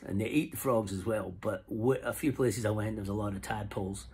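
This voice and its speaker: A man's voice: fairly low pitch, fairly quick, a little mellow, husky. A middle-aged man with a Scottish accent, chatting casually to camera about flies he ties and sells, in a rambling, jokey way. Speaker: fly tier and seller. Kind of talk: casual vlog talk to camera. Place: camping on the road.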